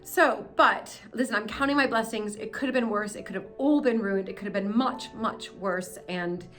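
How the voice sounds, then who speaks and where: An American woman films a casual vlog from behind a handheld camera in her house cellar, speaking in an emotional, rambling, apologetic way. Her mid-range voice has a fairly bright tone and moves at normal speed, with soft music playing in the background.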